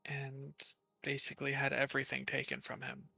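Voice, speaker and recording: A man quietly and politely speaking as his character in a tabletop game, measured and careful. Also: mid-range voice, monotone, vocal fry, dry recording, soft background music. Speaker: player.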